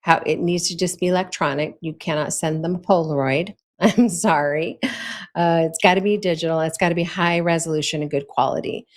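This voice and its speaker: Low-voiced woman giving chatty advice. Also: fairly even intonation, fairly quick. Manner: chatty and conversational, with frequent fillers and little laughs. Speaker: host giving advice to authors. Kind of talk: casual instructional talk.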